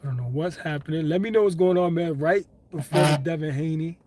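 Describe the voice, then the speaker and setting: A young man from Brooklyn, hosting a casual live stream, chatting with viewers, slangy and quick to laugh. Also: fairly high pitch, dry recording. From Brooklyn, New York. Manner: excitable, laughs often, slangy, talks to chat. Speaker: livestream host. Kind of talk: casual live stream chat, reading comments.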